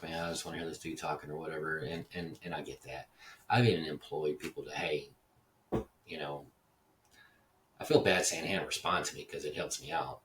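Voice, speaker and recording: Middle-aged male podcaster, deep voice, crude rambling rant, distant mic with faint noise behind. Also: fairly bright tone, roomy sound. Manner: rambling and profane, laughs at his own jokes. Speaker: podcast host. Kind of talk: casual solo podcast rant.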